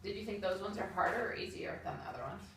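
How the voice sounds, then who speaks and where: A woman's voice: mid-range voice, lively intonation, racing. Encouraging woman tutor, distant and roomy. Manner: encouraging, patient, chatty with fillers. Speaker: reading tutor. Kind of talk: one-on-one reading lesson. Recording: roomy, distant mic with background noise.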